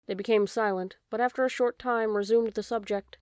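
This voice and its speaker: A woman narrating a classic storybook audiobook in a calm, measured way. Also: on the high side, no room sound, clean studio sound.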